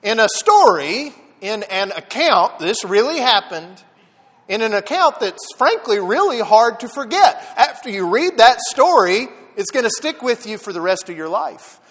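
A man preaching a sermon, telling the story with lively dramatic emphasis. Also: high voice, measured pace, in a large hall. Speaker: pastor.

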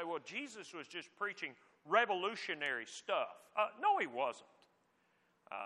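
Bright high-voiced preacher in a reverberant hall. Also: male voice. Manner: conversational teaching, emphatic. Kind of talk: sermon.

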